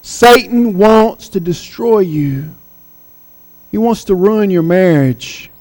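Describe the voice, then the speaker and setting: Male pastor, very high voice, emphatic sermon delivery, long hall reverb. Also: darkish tone. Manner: preaching with slow emphatic phrases and dramatic quoted voices.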